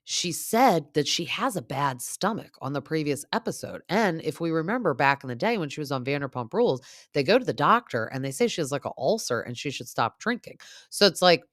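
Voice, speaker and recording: A woman's voice: low-pitched, big pitch swings, fairly quick, hardly any pauses, dry recording. Woman, young adult, casual podcast chat, rambling, filler-heavy, dry close sound. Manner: chatty, rambling, frequent "like" and "um". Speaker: podcast host.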